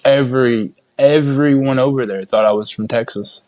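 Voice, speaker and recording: A man's voice: medium pitch, normal speed, rough recording. Appalachian man hosting a podcast. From Appalachian mountains, United States. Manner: relaxed, brief affirmations and plain talk. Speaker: podcast host. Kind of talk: casual podcast conversation.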